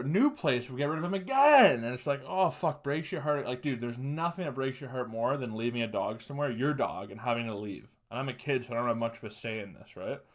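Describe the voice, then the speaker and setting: A young man hosting a podcast, telling a personal story in a casual, profane way, laughing often and quoting others. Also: medium pitch. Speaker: podcast host.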